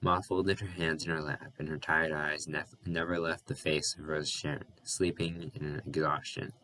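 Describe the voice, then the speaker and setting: A man reading a novel aloud as an audiobook narrator, steady and even, with an occasional slip and restart. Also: extremely low pitch, moderate pace, slight background noise, rough recording.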